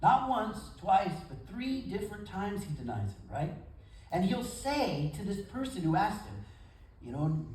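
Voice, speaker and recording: Animated male pastor in an echoey gym. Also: high-pitched, measured pace. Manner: folksy, animated, acts out quotes. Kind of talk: sermon. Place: church service in a gym. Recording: echoey room from far off.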